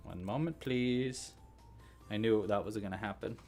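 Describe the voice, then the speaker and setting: A man's voice: on the low side, unhurried, darkish tone, faint music behind. A man hosting a casual live crochet tutorial, chatting with viewers and counting stitches aloud as he works. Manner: chatty, reacts to live chat while crocheting; counts stitches aloud under his breath. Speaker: crochet livestream host.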